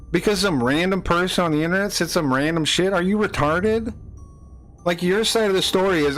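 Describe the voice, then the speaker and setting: A man's voice: high-pitched, lively intonation, normal speed, soft background music. Angry profane man ranting at his chat. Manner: angry, profane, repeats himself, rising to shouts. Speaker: streamer. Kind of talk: heated live-stream rant at chat.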